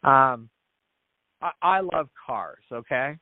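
A man's voice: medium pitch, animated, takes it slowly, no room sound. A man guesting on a podcast, earnestly telling a story, acting out the dialogue and often restarting his words. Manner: earnest storyteller who acts out quoted dialogue; frequent restarts and repeated words. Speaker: podcast guest, business founder. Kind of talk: storytelling in an interview. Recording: tinny phone-like dry line.

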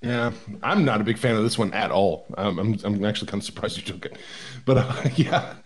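A man's voice: fairly low pitch, brisk. A man co-hosting a sports betting podcast, chatting casually about where the money and public are.

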